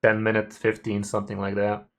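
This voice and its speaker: Male streamer, low-ish pitch; easygoing, chatty gameplay talk, a bit of casual swearing. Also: monotone, fairly quick. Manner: laid-back, chatty with viewers, mild swearing.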